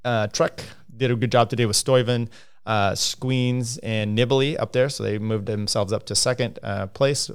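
A man's voice: mid-range voice, steady tone, moderate pace, clean tone. A man hosting a casual cycling livestream, rambling with lots of fillers and restarts as he talks through standings and viewer comments.

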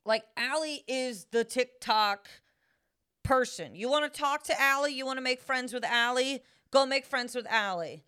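A woman co-hosting a casual podcast chat, talking bluntly with plenty of swearing and telling stories in an animated way. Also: fairly high pitch, smooth. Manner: blunt, profane, defensive, animated storyteller. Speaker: podcast co-host.

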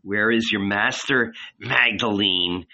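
Brooding bitter young man, intense, voiced by a male reader; bright tone, dull lo-fi sound. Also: lowish voice, takes it slowly, exaggerated voice. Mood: gentle probing.

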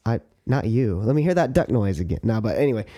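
A man's voice: fairly low pitch, sing-song, quick pace, warm tone. A man co-hosting a podcast, telling a rambling drinking story in casual chat, full of swearing and acted-out lines from his friends. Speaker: podcast co-host.

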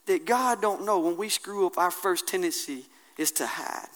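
A man preaching a sermon, colloquial and impassioned, swinging from hushed asides to loud declarations. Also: high voice, lively intonation, moderate pace, hardly any pauses.

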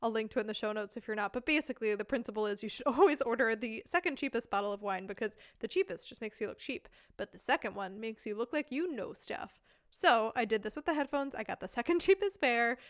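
A woman's voice: on the high side, fast talker, no room sound, clean studio sound. A woman in her thirties from the United States, a podcast guest telling a casual anecdote with frequent laughter. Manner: lively storyteller, laughs often.

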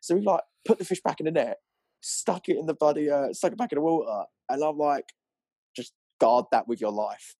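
A young man, an angler, telling a story in an animated, rambling way full of fillers, on a clip-on mic. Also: fairly high pitch, fast talker, creaky, no room sound. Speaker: angler guest. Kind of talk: excited storytelling.

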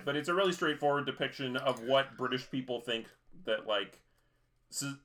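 Bright-voiced man recapping an episode. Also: medium pitch. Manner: rambling, many fillers and restarts. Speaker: podcast co-host. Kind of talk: casual chat recapping an episode.

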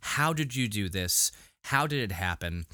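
A podcast co-host talking through a show's episode in casual review chat. His voice sits a little low but comes across bright and forceful, and he often restarts sentences and leans on fillers. The sound is close and dry. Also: lively intonation, a little slow, no room sound. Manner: recaps scenes with frequent fillers and restarts.

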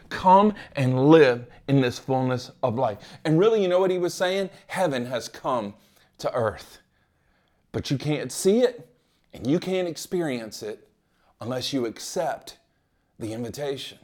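A man preaching a sermon as pastor, pressing his point with rhetorical questions and swinging between ringing emphasis and hushed, low lines. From United States. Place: church gathering.

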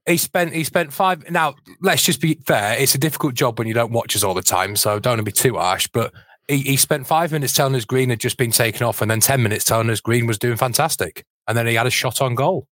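A man's voice: mid-range voice, fast, a bit bright, no room sound, clean studio sound. A man from England co-hosting a casual football podcast over a video call, wry and joking, often stumbling over words. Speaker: podcast co-host.

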